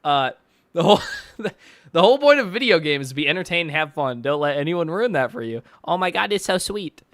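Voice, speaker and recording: Lively, bright-voiced ranting male streamer. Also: on the high side, a little fast, no room sound, clean studio sound. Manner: profane, ranting, mocking; reads chat and posts aloud with sarcastic asides. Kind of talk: casual live-stream reaction commentary.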